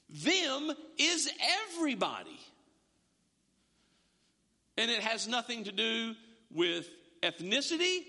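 A male pastor delivers a sermon with a very high, bright and forceful voice. He is emphatic and stacks repeated words as he drives each point home. The sound carries a long reverb from a large hall.

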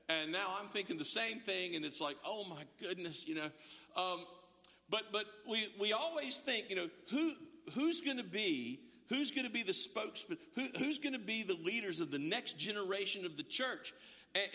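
A bright, high-voiced man in his fifties preaches in a church hall, and long reverb trails after each phrase. He talks in a conversational way and often stumbles over repeated words as he starts a thought. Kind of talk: sermon.

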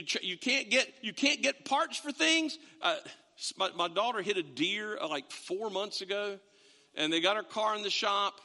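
A man preaching a sermon in a church, in a conversational, animated storytelling way. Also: sits high. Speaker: pastor. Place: church sanctuary. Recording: long reverb of a large hall.

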